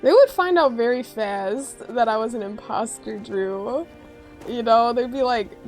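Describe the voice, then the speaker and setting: A woman's voice: a little high, measured pace, darkish tone, soft background music, low-quality recording. A woman from Chicago with a Chicago accent, chatting and giggling while she streams a game. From Chicago area, USA. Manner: chatty, giggly, rambling with many fillers. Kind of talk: casual chat while playing a game.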